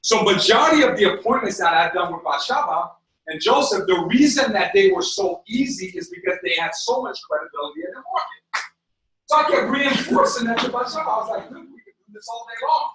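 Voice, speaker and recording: A man giving a live sales training seminar, energetic, checking in with his audience and acting out conversations. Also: high voice, a little fast. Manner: acts out dialogue with quoted voices. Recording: echoey room, mic far off.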